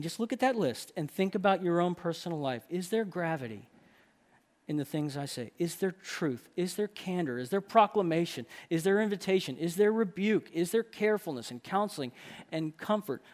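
A man preaching a sermon to a group of men, emphatic and full of rhetorical questions. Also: on the high side.

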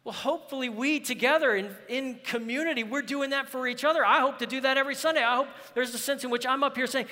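The speaker is a pastor whose high, bright voice rings out through a hall, each phrase followed by a long reverb. He preaches earnestly and emphatically at a quick pace with hardly any pauses, challenging the congregation with rhetorical questions.

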